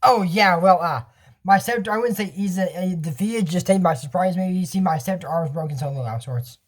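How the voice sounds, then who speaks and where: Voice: medium pitch, quick pace. A speaker casually recapping a cartoon episode in a rambling, chatty way, often trailing off and laughing.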